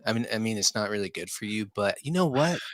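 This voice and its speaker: Laid-back man with a bright voice. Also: fairly low pitch, expressive, quick pace, slight background noise. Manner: laid-back, lots of "like" fillers. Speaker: guest, filmmaker. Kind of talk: casual podcast chat.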